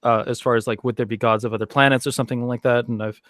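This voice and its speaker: Guest, male, mid pitch, meandering talker who laughs easily, dry call audio. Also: steady tone, rapid-fire, a bit bright, dry recording. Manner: rambling, laughs often, many fillers. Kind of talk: casual chat.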